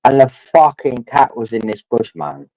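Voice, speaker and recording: A man with a mid-range, darkish voice speaks a little slowly, with no room sound. He rambles crudely to his livestream chat while drinking, swearing a lot and calling his viewers his lads. The stream audio is dull and lo-fi.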